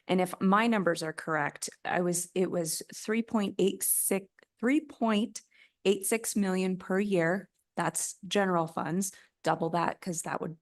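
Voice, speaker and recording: A woman with a slightly low voice questions a director in a legislative committee hearing. She works through budget figures aloud as she speaks, stumbling now and then over her words. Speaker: state representative.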